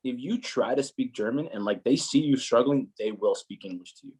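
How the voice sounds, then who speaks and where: A man's voice: mid-range voice, a little fast, slightly rough. Chatty young man telling stories. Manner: animated, many filler "like"s, acts out quoted voices. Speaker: guest, footballer. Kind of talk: casual storytelling chat.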